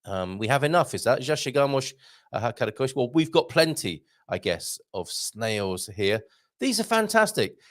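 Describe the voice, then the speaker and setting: A middle-aged man hosting a live stream, chatting playfully, greeting viewers by name and making puns. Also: normal speed. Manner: lively up-and-down pitch, jumps high for greetings. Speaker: host. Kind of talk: live-stream chat reading viewer comments.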